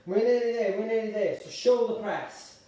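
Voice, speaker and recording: A man coaches a gentle workout class with upbeat, encouraging energy, a little out of breath. His voice is fairly high and mellow. He sounds set back from the mic in a strongly echoing room. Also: moderate pace, far from the mic. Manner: upbeat, encouraging, calls out participants by name. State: slightly out of breath. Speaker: exercise instructor. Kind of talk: live online exercise class. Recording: echoey room, voice away from the mic.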